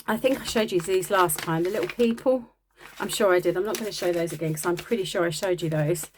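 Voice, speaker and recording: A woman's voice: lowish voice, quick pace, slight background noise. A woman chatting casually and rambling a little as she shows off her craft supply haul. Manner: chatty, rambling, self-deprecating. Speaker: crafting vlogger. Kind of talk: casual show-and-tell chat.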